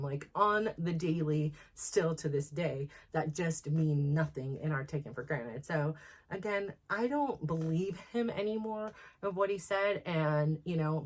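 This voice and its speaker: A middle-aged woman hosts a candid personal talk, her voice sitting a little low. She speaks frankly and with feeling, rambling through her thoughts with plenty of "like" fillers. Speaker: host.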